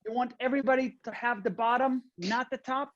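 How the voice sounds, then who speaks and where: A man's voice: very high-pitched, a little fast, a bit bright, a little hiss or hum. A man with an Israeli accent performing a chatty, playful magic show for an audience on a video call. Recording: dull lo-fi call audio.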